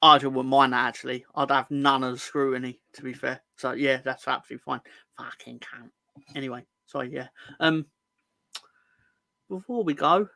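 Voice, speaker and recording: A man's voice: a little high, gravelly, bright, forceful tone, no echo. A man co-hosting a casual football fan chat, full of sarcastic, sweary banter. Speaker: podcast co-host.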